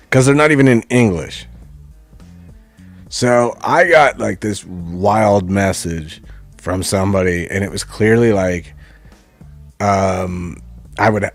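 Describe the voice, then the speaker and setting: A man from Canada chatting casually as co-host, laid-back and dry. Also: lowish voice. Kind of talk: casual chat.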